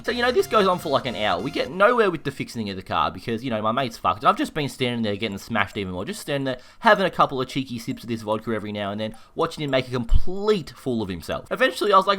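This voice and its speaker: A man's voice: medium pitch, rapid-fire, hardly any pauses, soft background music. Rowdy young Australian guy telling stories. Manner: rowdy, profane, animated storytelling. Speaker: YouTuber. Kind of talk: casual storytelling while gaming.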